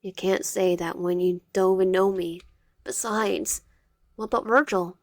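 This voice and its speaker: A woman voices a frightened teenage protagonist who pushes back in a raised, alarmed voice. Her pitch is medium and her pace moderate, close to an everyday voice, recorded dry with clean studio sound.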